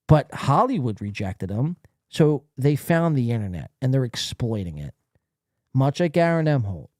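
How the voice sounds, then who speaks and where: A man's voice: medium pitch, big pitch swings, normal speed, a little mellow, no room sound, clean studio sound. A man hosting a live stream podcast, ranting casually in a blunt, profane, rambling way.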